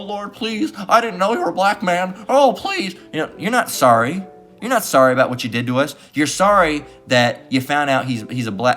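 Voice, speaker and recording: A man's voice: mid-range voice, a bit bright. Combative preaching man, faint guitar behind. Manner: combative, profane, repeats "guess what" and "all right?". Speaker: street-style preacher. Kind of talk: confrontational scripture preaching.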